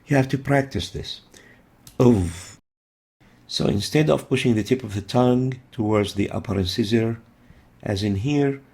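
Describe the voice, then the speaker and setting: A man teaching pronunciation in a lesson, explaining each sound slowly and repeating it in drills. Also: on the low side, gravelly, darkish tone.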